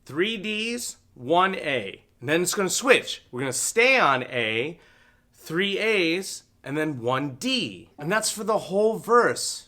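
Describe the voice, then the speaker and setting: A man's voice: sits high, sing-song, takes it slowly. A man teaching a beginner guitar lesson, counting beats aloud and singing short lyric lines. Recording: loud guitar music under the voice.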